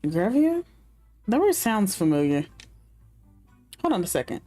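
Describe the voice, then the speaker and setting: A woman's voice: mid-range voice, very animated, unhurried, mellow, faint music behind. A woman game streamer reading the story narration aloud, breaking off into chatty asides full of fillers.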